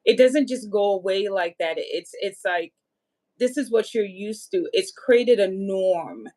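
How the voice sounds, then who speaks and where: A woman's voice: medium pitch, measured pace, warm tone. A woman hosting an interview, asking questions and answering her guest with short, encouraging affirmations. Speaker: host. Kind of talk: interview conversation.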